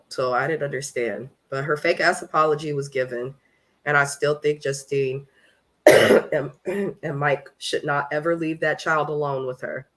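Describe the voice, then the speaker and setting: A woman's voice: low voice, a bit bright. A woman from California hosting a casual live recap of a reality show, talking in a blunt, profane and opinionated way.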